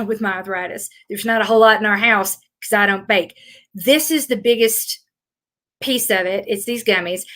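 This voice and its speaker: A woman's voice: mid-range voice, fairly bright tone. A middle-aged woman from rural Tennessee with a Southern accent, chatting casually and rambling a little as a fitness coach in a live Q&A. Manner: chatty, rambling, self-deprecating.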